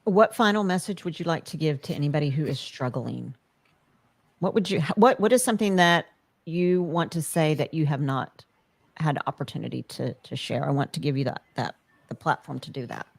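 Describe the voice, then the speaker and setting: A woman hosting a podcast, speaking gently and haltingly to her guest. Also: deep voice, creaky, no room sound. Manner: gentle, halting, with many restarts. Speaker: podcast host. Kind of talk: supportive interview talk.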